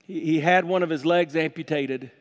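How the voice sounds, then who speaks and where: Animated high-voiced pastor preaching in a hall. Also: male voice, moderate pace. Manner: animated, acts out scripture with mocking voices. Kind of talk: sermon. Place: church sanctuary.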